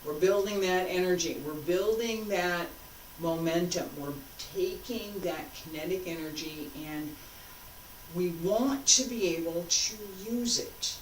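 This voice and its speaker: A woman's voice: fairly low pitch, a little slow, a little hiss or hum. A woman martial arts instructor talking a class through moves, patiently cueing each step as she demonstrates. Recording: roomy sound, mic far off.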